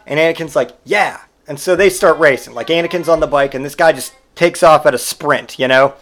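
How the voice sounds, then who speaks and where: A man rambles through casual anecdotes about his son, crude and jokey. His voice sits a little high for a man. The talk is loose and full of fillers. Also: brisk, a bit bright. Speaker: father telling anecdotes. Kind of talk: casual storytelling monologue.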